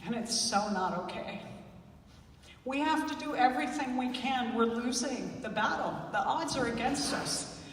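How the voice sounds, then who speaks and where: A woman's voice: a little high, expressive, unhurried. A woman therapist giving a heartfelt, emotional conference talk, laughing and weeping openly as she speaks. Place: large conference hall. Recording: echoey hall, voice from far off.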